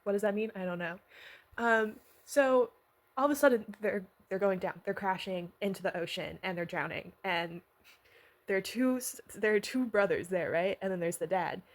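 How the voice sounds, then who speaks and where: A woman vlogger recapping a miniseries in a casual, rambling way, excitable and swearing freely. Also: mid-range voice, normal speed.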